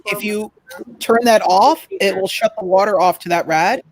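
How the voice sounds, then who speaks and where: A man's voice: sits high, normal speed, low-quality recording. A man from Canada co-hosting a live stream, telling jokey stories and laughing at his own lines. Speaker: co-host of a live collectibles stream. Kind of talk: casual live-stream chat.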